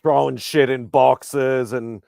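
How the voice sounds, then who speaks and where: Male panel guest, mid-low pitch, relaxed, dry recording. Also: slow pace, creaky, dry recording. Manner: laid-back, chuckling agreement. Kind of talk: casual chat.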